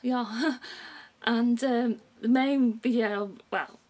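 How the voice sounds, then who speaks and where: A woman's voice: fairly high pitch, steady tone, very slow, darkish tone, low-quality recording. A woman with a Brummie accent, chatting to camera in a vlog, rambling, giggling and losing her thread. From England. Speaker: vlogger. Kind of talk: casual chat to camera. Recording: clear music playing behind her.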